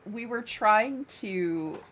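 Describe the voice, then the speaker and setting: Slow, giggly woman streaming. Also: medium pitch, animated, slight background noise. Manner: soft-spoken, giggly, gushes over cute things. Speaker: live game streamer. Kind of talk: casual livestream chat while playing. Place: her own room, small fan running beside her.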